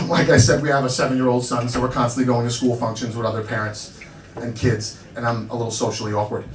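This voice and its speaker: A man's voice: mid-range voice, little pitch movement, fast, background noise. A man in his thirties from Long Island doing a stand-up set in a small comedy club, telling brash, self-deprecating stories. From Long Island, New York. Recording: roomy club sound from a distance, loud crowd.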